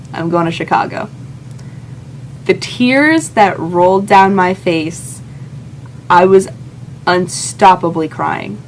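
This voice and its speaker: A woman's voice: fairly low pitch, a little hiss or hum. A young woman telling a heartfelt personal story in a vlog, earnest and emotional, often quoting her own thoughts. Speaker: vlogger.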